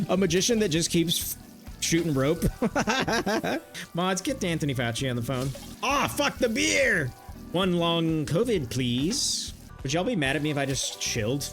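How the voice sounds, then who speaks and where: A young man streaming a game, riffing jokes to his chat and laughing often. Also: on the high side. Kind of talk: casual livestream banter while gaming.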